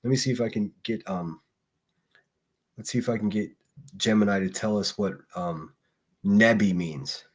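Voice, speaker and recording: A man's voice: fairly low pitch, moderate pace, long pauses, husky. A man from Pittsburgh with a faint Pittsburgh accent, hosting a casual solo livestream and chatting with chat in a rambling, profane way. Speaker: livestream host.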